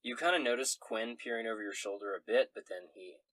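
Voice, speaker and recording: A man's voice: on the low side, fast, a bit bright, no room sound. A man narrating a tabletop game as game master, in a jokey, giggly way.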